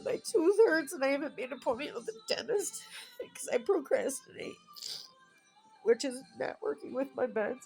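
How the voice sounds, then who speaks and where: A woman's voice: sits high, very animated, normal speed, creaky, darkish tone, soft background music, rough recording. A woman in her fifties talking alone at home in a rambling, emotional personal vlog. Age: 50s. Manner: emotional, rambling, tearful at times. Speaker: vlogger.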